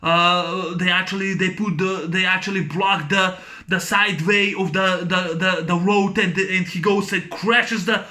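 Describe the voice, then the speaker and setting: Man, bright high-pitched voice, excitable rambling fan reviewer. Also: measured pace. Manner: rambling, excited, many restarts and fillers. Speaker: YouTube film reviewer. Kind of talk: casual movie discussion.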